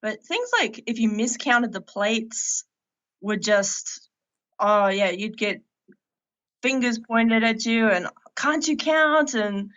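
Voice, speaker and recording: A woman from Australia, a podcast guest, telling stories in a lively, casual way. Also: mid-range voice, muffled recording. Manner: lively storytelling with laughs. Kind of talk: casual interview chat.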